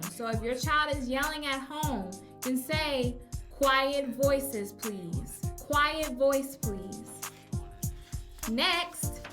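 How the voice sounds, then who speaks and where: A young woman hosts a casual advice podcast and talks it through in a chatty way. She draws on her work as a teacher and acts out phrases emphatically. Her voice sits fairly high, and faint music plays behind her.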